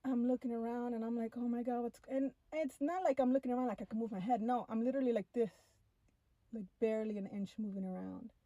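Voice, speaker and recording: An animated young woman tells a personal story straight to camera, full of "like" fillers. Her fairly high voice has a mellow, dark tone. The recording is close and dry, with no room sound. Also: quick pace, no room sound, poor audio. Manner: animated, breathless retelling with many "like" fillers.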